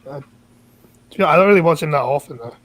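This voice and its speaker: A man's voice: a little high, lively intonation, fast, a bit bright, no echo, poor audio. A Scottish man in his twenties, a streamer bantering casually with friends, offhand and dry.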